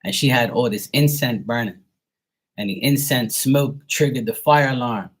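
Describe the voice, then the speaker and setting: A man's voice: mid-range voice, normal speed. A man working as a psychic medium, ranting bluntly and profanely in a rambling, casual livestream chat. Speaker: psychic medium and tarot reader.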